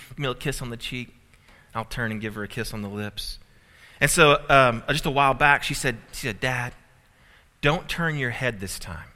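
A man's voice: medium pitch, sharp tone. A man preaching a sermon as pastor, telling a family story with humor and building emphasis. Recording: reverberant hall.

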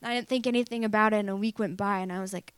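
A woman's voice: medium pitch, fairly even intonation, very fast, clear, resonant tone, no room sound. Young woman telling a candid faith story. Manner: candid, filler-heavy storytelling with acted-out quotes. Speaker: speaker sharing her faith story. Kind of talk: personal testimony.

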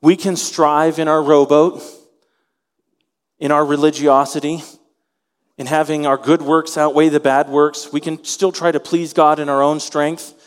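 Animated man preaching in a reverberant hall. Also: on the high side, measured pace, clear, resonant tone. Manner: animated, acts out voices in quotes. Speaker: pastor. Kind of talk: sermon.

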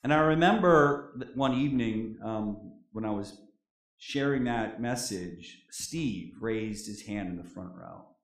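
Male chaplain preaching a sermon at a slow, deliberate pace, emphatic with hushed drops, echoey room. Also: on the low side, animated. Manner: emphatic preaching that swings between loud declarations and soft, quiet drops.

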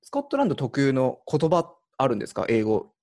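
A woman hosting an interview, asking quick questions and backchanneling constantly. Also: rumbling low, huge pitch swings, mellow. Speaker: host. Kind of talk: casual interview chat.

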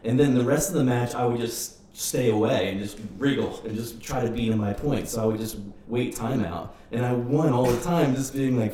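A man in casual podcast chat, telling rambling, animated stories with swearing. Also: medium pitch, moderate pace, hardly any pauses, a little hiss or hum. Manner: rambling, animated storytelling with cursing. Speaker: podcast participant. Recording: roomy, distant mic with faint ambience.

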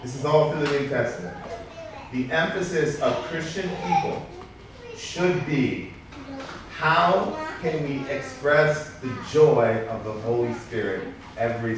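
Man preaching, high voice, joking asides, very echoey, far from the mic. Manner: lively, joking asides to the congregation. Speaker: pastor. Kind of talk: sermon.

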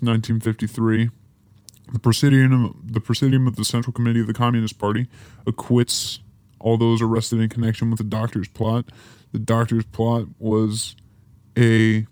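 The podcast host here has a fairly low, darkish voice and is recorded with no room sound. He reads through a history timeline in a casual rundown, interrupting himself with joking asides.

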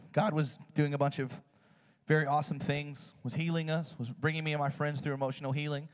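A man preaching in a casual, animated storytelling way. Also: a little high. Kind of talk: sermon storytelling. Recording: long hall reverb.

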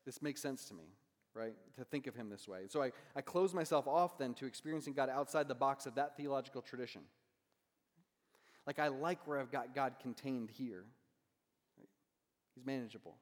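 A man preaching a sermon in a conversational way, often checking in with his listeners by asking "right?". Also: medium pitch. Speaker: pastor. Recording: long hall reverb.

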